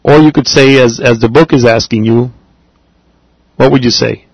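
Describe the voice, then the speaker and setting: A man from America, teaching a class, talking haltingly with many fillers and repeats. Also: medium pitch, fairly even intonation, vocal fry, slightly rough, no echo, muffled recording. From Latin America. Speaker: Spanish teacher. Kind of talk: classroom language lesson.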